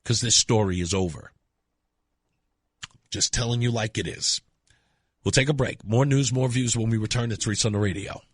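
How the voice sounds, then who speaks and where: A man's voice: fairly low pitch, normal speed, long pauses, slight background noise. A man hosting a radio talk show, delivering an emphatic monologue and repeating words for effect.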